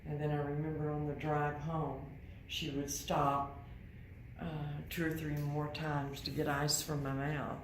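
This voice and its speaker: An older woman giving a quiet, measured personal testimony as guest speaker at a university. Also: low voice, level tone, roomy sound, slight background noise, low-quality recording. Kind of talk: personal testimony to a live audience. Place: university hall.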